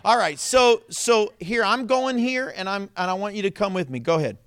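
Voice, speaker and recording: A man's voice: high-pitched, expressive, moderate pace, background noise. A man preaching a sermon as pastor, telling stories animatedly and laughing often.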